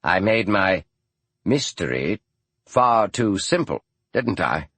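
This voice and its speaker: A man narrating an audiobook, voicing an older male scholar who speaks softly and sounds strained and guarded. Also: sits low, big pitch swings, takes it slowly, dry recording, voice pushed up, exaggerated voice. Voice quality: soft-spoken, tense.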